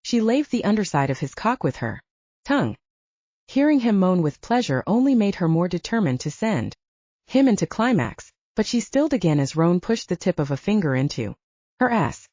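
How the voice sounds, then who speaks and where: Female audiobook narrator, low and mellow, animated; dull, dry recording. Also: moderate pace, no room sound. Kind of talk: scripted narration.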